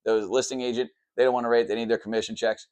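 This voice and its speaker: Fast-talking man explaining mortgages. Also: medium pitch, flat delivery, darkish tone, clear, resonant tone. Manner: fast, rambling, full of "okay" and "all right" check-ins; says he talks fast and tries to slow down. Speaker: mortgage lender.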